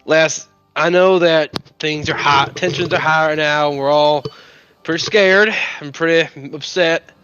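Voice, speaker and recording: A man's voice: on the high side, steady tone, measured pace, a bit bright, clear, resonant tone, dull audio, soft background music. A man playing a tabletop game, blunt and urgent, swearing often. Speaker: player. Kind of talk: tabletop role-play.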